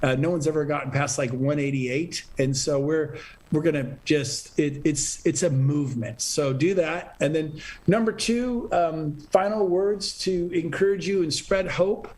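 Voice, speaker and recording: Middle-aged man, podcast guest, energetic and pushy, slightly high-pitched. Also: measured pace. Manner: energetic, urgent, motivational. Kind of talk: animated interview talk.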